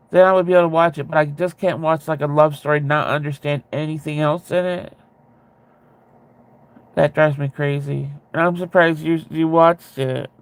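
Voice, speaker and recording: Man, casual stream chat, rambling, candid, gravelly, somewhat high pitch. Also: no echo. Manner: rambling, candid, laughs easily. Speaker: streamer chatting with viewers.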